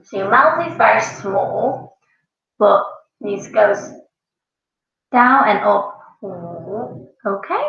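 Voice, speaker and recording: A woman teaching a class of children, speaking slowly and repeating each sound many times for the pupils to copy. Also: fairly high pitch, vocal fry, a bit bright. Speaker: Mandarin teacher. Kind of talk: classroom language lesson. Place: school classroom. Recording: far-off mic in an echoey classroom, dull sound.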